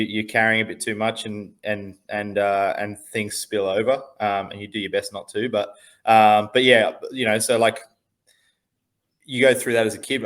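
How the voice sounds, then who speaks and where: Hesitant man, low voice. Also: fairly bright tone. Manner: hesitant, full of fillers and restarts. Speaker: podcast guest, father. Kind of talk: casual chat.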